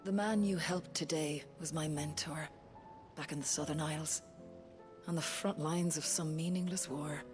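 A weary army physician from a video game, voiced by an actress, grave and earnest in the way she talks. Her voice sits low. Clear game music plays underneath. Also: fairly even intonation, moderate pace, close to an everyday voice. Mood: somber. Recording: game audio with music behind.

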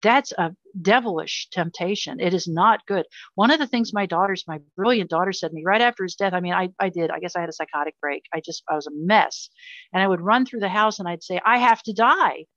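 A woman's voice: fairly low pitch, fast, fairly bright tone, no echo. A middle-aged woman talking as an interview guest, earnest and emphatic, speaking with passion about hard personal experiences. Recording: slightly dull lo-fi audio.

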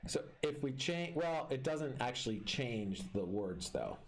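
A man's voice: medium pitch, big pitch swings, measured pace. A male teacher walking students step by step through a screen-recorded classroom tutorial in a friendly way.

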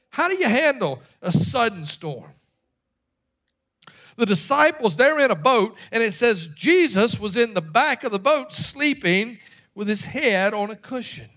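A middle-aged male pastor preaching a sermon with emphatic delivery that swings from hushed asides to shouted appeals. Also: very high-pitched, expressive, normal speed.

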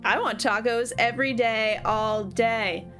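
A woman's voice: on the high side, a little slow, fairly bright tone, soft background music. A woman reading the lines of a goofy, pun-loving father in a video game, jokey and mock-dramatic. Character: goofy dad who loves puns.

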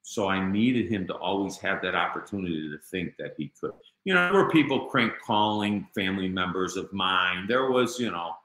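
Low-voiced blunt man telling his story. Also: expressive, moderate pace, hardly any pauses, fairly bright tone, roomy sound, low-quality recording. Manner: blunt street-talking, many "you know" fillers. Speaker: guest. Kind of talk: personal storytelling in an interview.

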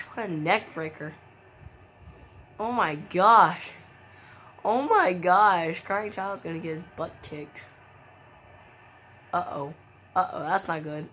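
Excitable woman calling a video game match. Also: lowish voice, a little hiss or hum. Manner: excitable, gasping exclamations, frequent sudden shrieks. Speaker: gameplay commentator. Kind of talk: casual play-by-play commentary of a wrestling video game.

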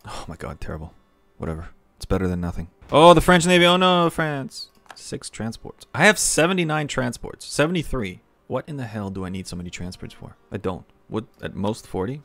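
Gravelly low-voiced man playing a game. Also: fairly quick. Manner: talks to himself, excitable outbursts. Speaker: strategy game let's-player. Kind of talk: casual gameplay commentary.

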